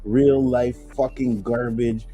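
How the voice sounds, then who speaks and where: A man's voice: mid-range voice, fairly even intonation, slow pace, dark tone, poor audio. A man with a mid-range voice bluntly trashes a movie in a casual podcast argument. He swears freely and keeps repeating his denials. Faint music runs underneath. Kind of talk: casual heated movie debate.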